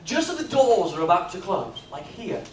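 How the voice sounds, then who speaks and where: A man leads a business workshop, telling his stories with a lively, joking delivery. His voice sits high and swings widely in pitch. He is picked up from across an echoey expo hall with a faint hum of ambience behind him. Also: moderate pace. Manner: lively storyteller, jokey and animated. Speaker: workshop speaker. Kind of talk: live workshop talk with comic storytelling. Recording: echoey hall, mic from far off.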